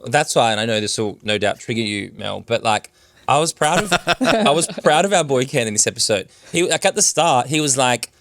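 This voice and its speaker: A man's voice: mid-range voice, expressive, a bit bright, no room sound, clean studio sound. An Australian man co-hosting a casual podcast, talking with enthusiasm and filling his sentences with "like". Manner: fast, enthusiastic, lots of "like" fillers. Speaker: podcast co-host.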